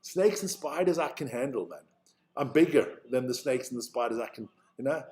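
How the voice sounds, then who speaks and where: A man's voice: mid-range voice, expressive, normal speed, darkish tone. A man with a South African accent, chatting casually on a live stream while he watches rugby, thinking aloud and swearing freely. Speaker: live-stream host reacting to a rugby match.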